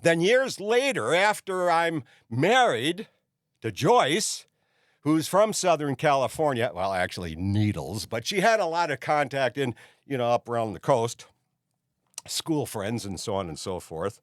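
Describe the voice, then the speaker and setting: A man's voice: medium pitch, sing-song, a little slow, no echo, clean studio sound. Older man rambling through a story. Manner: rambling anecdotal with frequent "you see" fillers. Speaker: host. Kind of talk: casual storytelling monologue.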